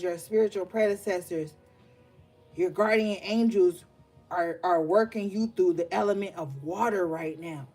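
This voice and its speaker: A woman in her young adult years gives a tarot reading in a slow, unhurried drawl. She talks bluntly, swears freely and laughs often as she hypes up her listeners. Her voice sits at a middle pitch. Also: a little mellow. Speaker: tarot reader. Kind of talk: casual spoken tarot reading.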